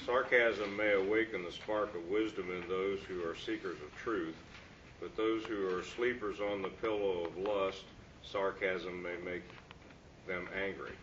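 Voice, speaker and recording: A man reads a passage aloud to a class in a low, steady voice. The sound is dull and lo-fi, with clear room noise behind him. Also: a little slow. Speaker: class member reading a text aloud. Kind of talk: reading aloud.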